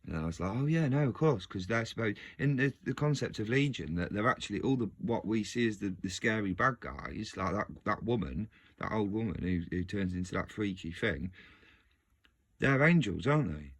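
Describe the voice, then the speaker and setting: A man's voice: on the low side, moderate pace, slightly rough. A man musing casually to his video audience, rambling and restarting his sentences. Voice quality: rambling, self-interrupting, frequent restarts. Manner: animated, laughs often. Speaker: video host.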